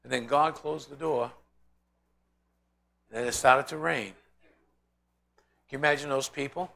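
A man's voice: mid-range voice, steady tone, a little slow, gravelly, pushed and bright. A man teaching a Bible study in an informal sermon style, telling stories animatedly and acting out the voices of the people in them.

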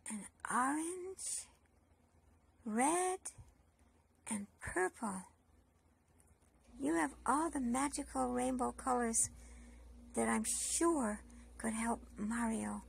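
High, slow-talking children's storyteller woman. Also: vocal fry, slightly rough. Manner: coaxing, talks to the boys and girls. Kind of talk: children's show narration.

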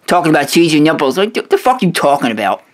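A man's voice: a little high, very animated, fast, noisy background. Man ranting with heavy profanity. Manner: aggressive, swearing, repetitive stammering restarts. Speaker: video host roasting another creator. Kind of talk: profane insult rant.

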